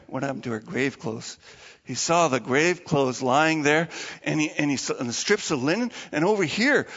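A man telling a story to children in an animated, dramatic way. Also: on the high side, breathy edge, long reverb tail, dull audio. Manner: animated, dramatic retelling with restarts.

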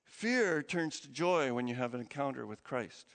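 A man preaching a sermon as pastor, telling stories with feeling, his voice climbing high and then dropping to a hush. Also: animated, moderate pace, vocal fry, in a large hall. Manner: emotional storytelling, voice rising high and dropping low to a hush.

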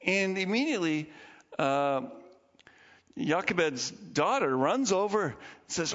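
A man pastor preaching a sermon, telling stories with animated quoted voices and small chuckles. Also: high-pitched, slow pace. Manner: storytelling with acted quotes and chuckles. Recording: dull lo-fi hall reverb.

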